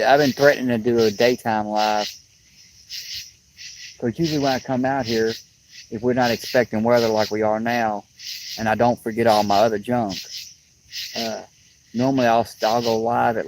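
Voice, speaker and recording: A man's voice: lowish voice, poor audio. A sleepy, yawning man rambling to his livestream viewers outdoors on a riverbank, in a drawling, plainspoken way. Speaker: fishing livestreamer. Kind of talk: rambling casual chat to viewers. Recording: outdoor clip with loud insect noise.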